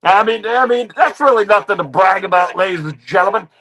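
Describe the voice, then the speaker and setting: Brisk and expressive, this streamer has a high voice and keeps saying "ladies and gentlemen" as he rants mockingly at people on his reaction stream. The audio is poor.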